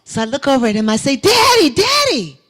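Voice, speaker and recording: Racing along in a slightly high, somewhat mellow voice with fairly even intonation, a woman delivers a testimony sermon as a guest speaker in a church sanctuary, her vivid story building into emphatic preaching.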